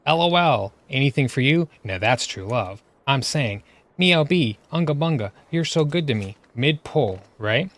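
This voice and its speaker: A man giving exasperated, ranting commentary over gameplay footage, full of rhetorical questions. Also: medium pitch. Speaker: gaming video creator.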